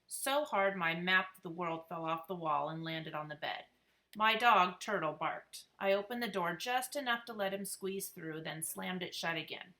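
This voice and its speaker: Bright, expressive woman narrating a children's chapter book aloud. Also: on the low side, moderate pace. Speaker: reader.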